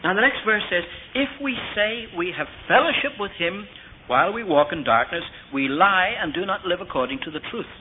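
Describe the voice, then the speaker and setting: A man's voice: high-pitched, expressive, moderate pace. A middle-aged male preacher delivers an earnest sermon, weaving in family stories and asking his listeners questions. The sound is thin and phone-like, as from an old tape, with a faint hiss underneath.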